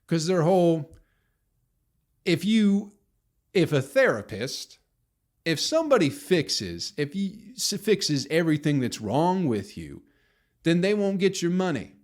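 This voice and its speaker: A man's voice: a little high, big pitch swings, measured pace, a little mellow. A man hosting his own podcast, rambling and ranting with heavy swearing and mocking impressions of people. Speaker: podcast host. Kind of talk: solo rambling podcast monologue.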